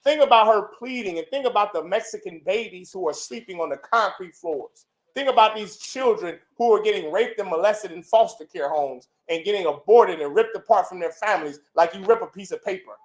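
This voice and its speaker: A man preaching a fiery sermon to a gathering, forceful and repetitive, swinging between loud outbursts and low, intense passages. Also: a little fast, rough recording. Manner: repetitive, chanting lists. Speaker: preacher leading a congregation. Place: indoor gathering.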